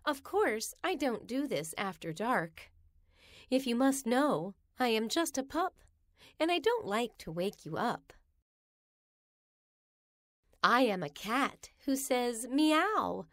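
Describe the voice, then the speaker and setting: With a fairly high voice that climbs and dips a great deal, a woman reads children's rhymes aloud in a slow, sing-song manner. It's recorded up close and dry, without echo.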